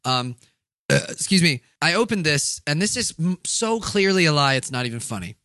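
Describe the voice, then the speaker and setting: A man's voice: on the high side, sing-song, moderate pace, sharp tone, no room sound, clean studio sound. A man co-hosting a comedy podcast, reading listener emails aloud in casual, swearing banter. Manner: puts on exaggerated old-man voices when reading; swears freely, laughs often.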